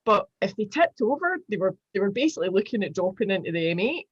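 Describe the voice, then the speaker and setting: A Glaswegian woman in her forties, a guest telling animated stories in a casual chat with lots of fillers. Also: mid-range voice, fast talker, slightly rough, dry recording, lo-fi sound. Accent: Glaswegian Scottish. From Glasgow, Scotland. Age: 40s. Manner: animated storyteller, chatty with many fillers.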